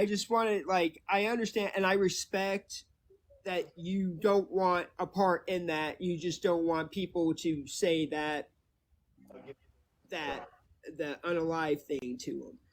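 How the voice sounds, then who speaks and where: Guy with a high voice keeps stammering i, i, i, trying to smooth things over. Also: steady tone, takes it slowly. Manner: hesitant, stammering restarts, placating. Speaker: live-stream guest. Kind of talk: live-stream argument.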